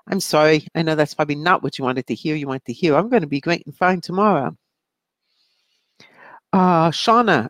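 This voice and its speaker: A woman's voice: sits low, no room sound. A middle-aged woman hosting a live psychic question show, reading out viewer questions in a breezy, chatty way and laughing often. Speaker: psychic medium show host.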